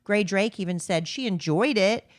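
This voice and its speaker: In studio-quality audio with no echo, a woman co-hosts a podcast in casual conversation. Her mid-range voice moves at a moderate pace as she wanders off into asides.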